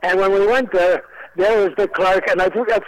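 Older man telling rambling deadpan jokes. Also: sits high, fairly quick, rough recording. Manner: rambling anecdotes with deadpan punchlines. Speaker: comedian guest. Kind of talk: storytelling interview chat.

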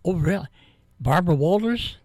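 An older man co-hosting a live radio show, folksy and quick with dry quips. His fairly high voice moves up and down a lot. The studio sound is close and dry. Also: animated, darkish tone, no echo. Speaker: radio co-host. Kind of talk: casual live radio chat.

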